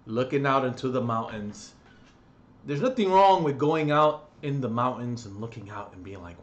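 A man talking to his camera in a casual, rambling vlog monologue, joking and swearing, swinging between loud bursts and hushed asides. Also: medium pitch, animated, normal speed. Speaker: vlogger.

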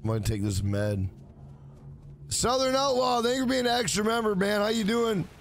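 A man's voice: sits high, very animated, moderate pace, slight background noise. Foul-mouthed man streaming a game. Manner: swears often, greets chat viewers by name. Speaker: live streamer. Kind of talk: live gaming stream commentary.

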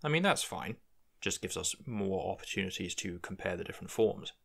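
Man, very low voice, gravelly, thinking-aloud tutorial narration. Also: expressive, fairly quick, a bit bright. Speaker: conlang video host. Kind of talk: screen-recorded tutorial narration.

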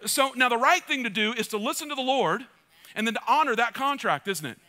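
A man's voice: very high-pitched, expressive, fairly quick, bright, forceful tone. A male pastor preaching a sermon with energy, joking asides and calls to the congregation. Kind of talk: church sermon.

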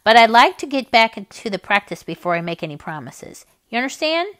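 A fond, gentle father talks his young son through an old poaching trick, his voice pitched a little low and his tone lively and warm with memory, as a woman reading aloud voices him. He rises and falls with enthusiasm as he explains. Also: fairly quick, dry recording. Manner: fond, storytelling.

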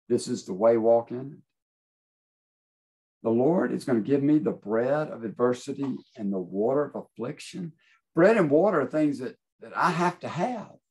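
A man's voice: medium pitch, a little mellow, poor audio. Earnest man preaching a sermon. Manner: earnest, with repeated phrases and pauses; reads scripture aloud. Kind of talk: devotional sermon.

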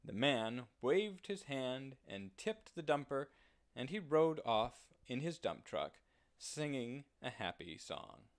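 A man reading a children's picture book aloud slowly and gently, with expressive phrasing. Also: mid-range voice. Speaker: storyteller. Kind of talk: children's storybook read-aloud.

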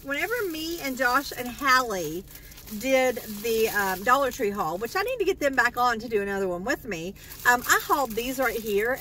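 A chatty, excitable woman talking casually in a shopping haul video. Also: high voice, a little hiss or hum, low-quality recording. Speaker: vlogger.

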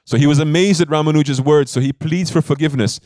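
A man's voice: a little high, fairly even intonation, quick pace, warm tone, no echo, clean studio sound. A man giving a devotional sermon as a spiritual teacher, telling a story in an emphatic, conversational way and often checking in with his listeners.

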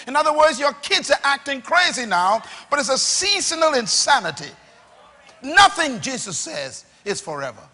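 A rousing male preacher works a live congregation, calling for responses and breaking into shouts. His voice sits very high and cuts with a bright, tense edge. The sound rings out with the long reverb of a large church hall. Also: a little hiss or hum. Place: church or auditorium.

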